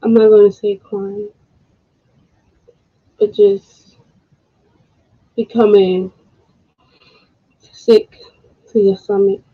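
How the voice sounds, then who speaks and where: A woman hosting a podcast, speaking in a casual monologue, emotional and frustrated, with slow deliberate pauses. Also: mid-range voice, level tone, slightly rough. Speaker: podcast host. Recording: dull lo-fi audio.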